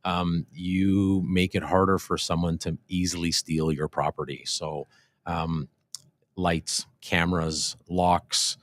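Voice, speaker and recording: A man with a very low voice talks through police and traffic questions on a livestream. His delivery is loose and conversational, full of ums, restarts and trailing thoughts. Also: slow pace, no echo. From Canada. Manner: relaxed, explanatory, many fillers and restarts. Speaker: police constable and show host. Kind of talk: casual livestream Q&A. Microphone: desk microphone, briefly too far from it.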